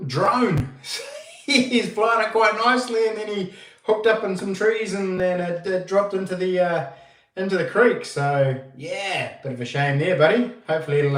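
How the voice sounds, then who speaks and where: A New Zealand man hosting a casual livestream, greeting viewers by name in a relaxed, easygoing way from an empty room. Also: on the high side, far from the mic. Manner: greets viewers by name, slow and laid-back. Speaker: livestream host. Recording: echoey room, voice a bit off-mic.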